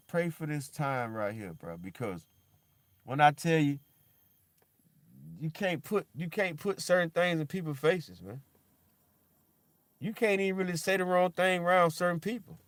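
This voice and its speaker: In a casual, slang-heavy monologue sprinkled with "bro" and "dog," a man veers between animated, loud bursts and a low, somber mutter. There's no echo.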